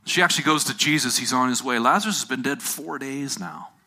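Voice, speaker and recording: Bright-voiced preacher retelling a story. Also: male voice, mid-range voice, brisk. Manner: storytelling, repeats phrases, asks the audience questions. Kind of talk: sermon retelling a Bible story. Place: room with a live audience.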